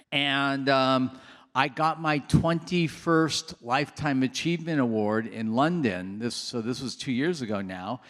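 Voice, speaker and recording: A man at mid pitch tells chatty, self-mocking stories to a live audience. His voice carries the long reverb of a large hall. He speaks as the program's host. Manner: chatty, anecdotal, laughs at himself. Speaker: program host introducing a coach. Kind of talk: casual storytelling to a live audience.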